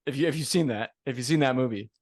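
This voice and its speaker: A man's voice: medium pitch, quick pace, darkish tone, no room sound, studio quality. A young man co-hosting a sports podcast, agreeing along in casual chat and adding his own stories. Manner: agreeable, backs up his friend with short replies. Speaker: podcast co-host.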